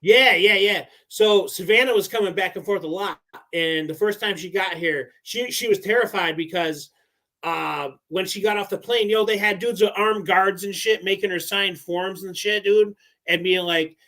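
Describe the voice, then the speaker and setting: A laid-back man with a high voice, chatting on a podcast. He swears freely and ends lines with dude. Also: normal speed, pushed and bright. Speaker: podcast co-host. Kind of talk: casual chat.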